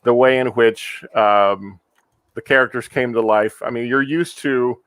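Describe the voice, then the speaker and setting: A man leads a relaxed movie review conversation, steering the talk and laughing easily. His voice sits in a middling register and is recorded dry and close, with no room sound. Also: mid-range voice, measured pace, dry recording. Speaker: podcast host. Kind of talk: casual movie review chat.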